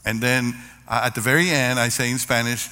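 Older male pastor, bright and forceful, preaching in a reverberant hall. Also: medium pitch, steady tone, fairly quick. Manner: earnest, varied emphasis, storytelling. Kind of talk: sermon. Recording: long reverb of a large hall.

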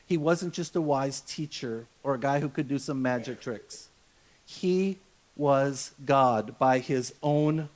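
A male pastor giving a sermon in a relaxed storytelling way, often acting out the voices of the people he quotes. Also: sits high.

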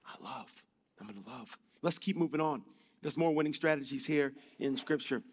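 A man preaching a sermon in a conversational, joking way, swinging between loud and hushed delivery. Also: on the high side, moderate pace, in a large hall.

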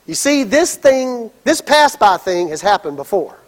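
A pastor delivering a sermon, acting out the story with lively asides and shouts. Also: male voice, high-pitched, measured pace, big-room sound. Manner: animated storytelling, acts out scenes and shouts.

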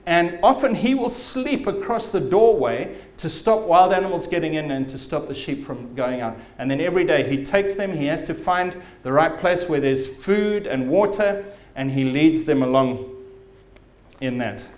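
A man's voice: a little high, lively intonation, normal speed, darkish tone, reverberant. A man preaching a sermon as pastor, telling stories vividly and with emphasis.

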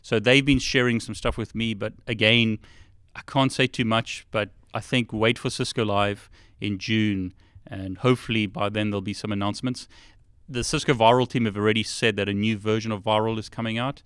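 A man's voice: on the low side, fairly even intonation, moderate pace, a bit bright, clean tone, no echo. Casting: chatty South African man, co-host, laughs easily, close dry mic. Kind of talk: casual live chat.

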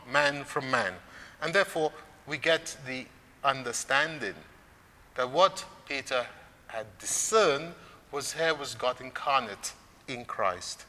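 A man gives a scripture sermon inside a church, his bright, forceful voice sitting at medium pitch and sounding expressive. He stays measured but lifts his voice for emphasis, and each phrase fades into long reverb.

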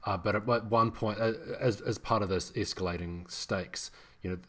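A man with a very low, deep voice co-hosts a film podcast. He speaks casually and rambles, restarting phrases and leaning on fillers as he works through his point. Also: fairly even intonation, normal speed, a bit bright. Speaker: podcast co-host. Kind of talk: casual film review chat.

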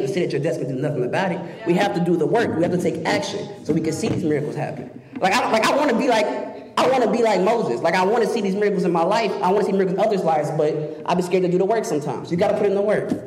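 A young man giving an excitable youth sermon to fellow students, rushing ahead as he talks. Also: sits high. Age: young adult. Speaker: student speaker. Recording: echoey hall with faint noise.

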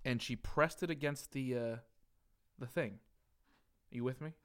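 A man's voice: mid-range voice, unhurried, smooth. A young man co-hosting a podcast, telling a comic story in a profane, exasperated rant. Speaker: podcast co-host. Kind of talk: casual comedic storytelling.

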